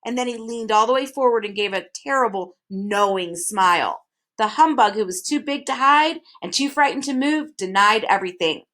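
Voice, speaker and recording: Bright-voiced woman reading a storybook. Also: fairly high pitch, normal speed. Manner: expressive. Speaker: reader. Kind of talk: storybook read-aloud.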